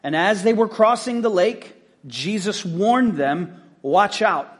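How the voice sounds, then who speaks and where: Pastor guy giving a chatty sermon, high voice, animated storytelling. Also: measured pace. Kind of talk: casual sermon.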